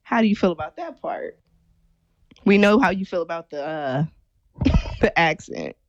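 A woman's voice: fairly low pitch, animated, unhurried, no room sound, highs cut off. A woman co-hosting a podcast, chatting casually, teasing her co-host and laughing often. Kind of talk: casual chat.

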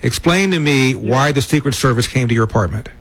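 A man hosting a call-in radio show, asking a caller probing questions and calmly steering the conversation. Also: mid-range voice, fairly quick. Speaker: radio talk show host.

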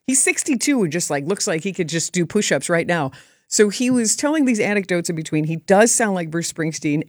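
A woman's voice: medium pitch, no echo, clean studio sound. A woman reporter giving a chatty, enthusiastic recap on air. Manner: chatty and enthusiastic, lively quoted voices. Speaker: radio or TV reporter.

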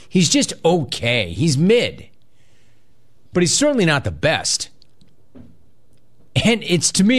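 A man hosting a sports talk show, reading listener emails and teasing his co-hosts with lots of repetition. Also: fairly high pitch. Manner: animated, mocking, repeats phrases for effect. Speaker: sports radio host.

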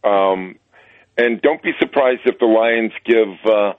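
A man calling in to a radio show, halting and stumbling through what he says. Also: on the low side, dry recording. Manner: halting, stumbling, with many fillers. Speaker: caller. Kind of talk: call-in talk. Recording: tinny phone line.

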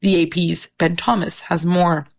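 A woman reads the news headlines in a crisp, measured tone. Her voice sits a little low for a woman. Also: level tone. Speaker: news anchor. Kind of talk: newscast reading.

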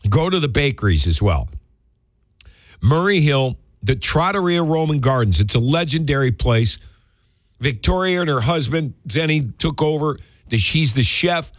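A man's voice: on the high side, animated, moderate pace, dry recording, clean studio sound. A man hosting a radio talk show, doing folksy, emphatic live-read ads and chatting about football.

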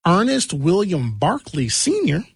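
A man hosting a talk show who is hoarse from recent shouting, giving blunt, conversational commentary on local news and asking rhetorical questions. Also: high voice, huge pitch swings, measured pace, no echo, clean studio sound.

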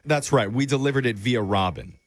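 A man, a radio host, doing a prank call while playing a calm, polite customer service agent with a deadpan manner. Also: medium pitch, brisk, no room sound.

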